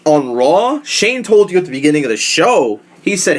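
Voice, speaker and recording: A man's voice: on the high side, normal speed. Profane rambling male podcast host. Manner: rambling, profane, animated storytelling. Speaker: podcast host recapping wrestling. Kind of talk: casual chat.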